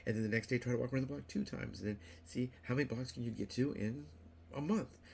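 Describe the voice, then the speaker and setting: A man's voice: medium pitch, fast talker, creaky, a little mellow, slight background noise. An older man talking casually to camera as a vlogger, rambling and repeating himself, playfully acting out little quoted voices. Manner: rambling, repeats words and restarts often. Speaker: YouTube vlogger.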